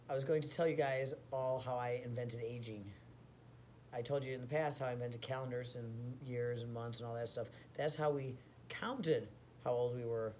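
A man telling an absurd tall tale in a deadpan, mock-boastful way, rambling as he goes. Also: medium pitch, slight background noise. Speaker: comedy storyteller.

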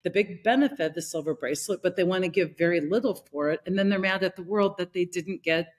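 A middle-aged woman with a somewhat low voice tells a story in a relaxed podcast conversation. She talks animatedly and slips into the voices of the people she quotes. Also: quick pace. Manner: animated, acts out quoted people in her stories. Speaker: leadership consultant and host.

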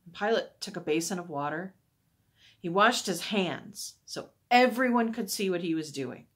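A woman on a church staff reading a Bible story aloud to children, expressive and asking wondering questions. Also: lowish voice, normal speed, husky.

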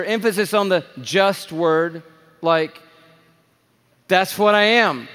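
A man's voice: high voice, takes it slowly, a bit bright. A man preaching at a large conference, emphatic and drawn out, with playful asides. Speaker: conference speaker. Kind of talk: sermon. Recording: reverberant live hall.

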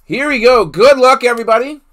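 A man's voice: extremely high pitch, a little fast, a bit bright. A man from Canada hosting a live card break, chatting casually with viewers, laughing often and thinking aloud with fillers.

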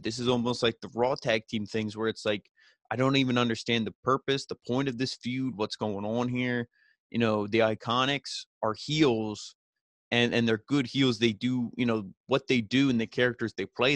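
A man's voice: mid-range voice, fairly even intonation, normal speed, a bit bright, dry recording. A man hosting a podcast, giving a casual, rambling recap full of "you know" fillers and paraphrased quotes. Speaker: podcast host.

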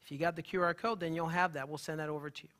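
A man, a holistic health practitioner, gives an animated, emphatic live talk and banters with the audience in the room. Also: a little high, rapid-fire.

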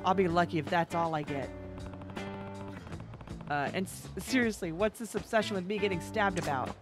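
A woman's voice: fairly low pitch, moderate pace, lightly acted. A woman voicing a stoic young male brawler who speaks curtly and seriously, with game music behind. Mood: exasperated.

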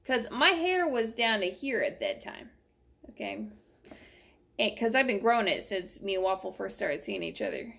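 A young adult woman vlogger at home, telling a long story in an animated, rambling, exasperated way. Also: medium pitch, moderate pace, vocal fry. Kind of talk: casual storytelling vlog.

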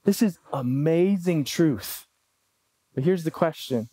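Pastor guy preaching, kinda high voice, dry close sound. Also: slow pace, husky, dry recording. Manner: animated preaching with acted-out pleading quotes. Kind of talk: sermon.

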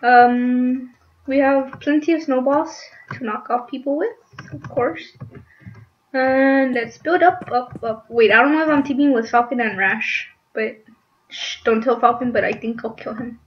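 A woman's voice: high-pitched, unhurried. A young woman chatting casually over her gameplay, giggling and squealing now and then. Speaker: gaming channel host. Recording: dull lo-fi mic with faint noise.

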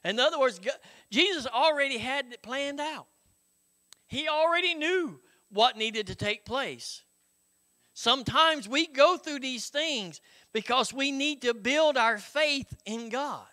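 A middle-aged pastor preaching in a high, ringing voice. He keeps it folksy and conversational, tossing "Hello?" out to the congregation. His tone is bright and forward. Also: lively intonation, unhurried. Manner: folksy, conversational preaching with frequent "Hello?" call-outs and chuckles. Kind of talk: sermon.

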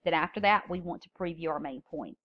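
In a recorded lecture with dull audio, a woman with a low voice teaches public speaking at a fairly quick pace. She explains each step and stresses key words as she reads sample openings.

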